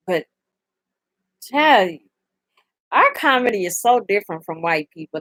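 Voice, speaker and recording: A young woman hosting a casual live chat, animated and profane, laughing often and reading comments aloud. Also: on the high side, moderate pace, pauses often, no echo. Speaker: livestream host.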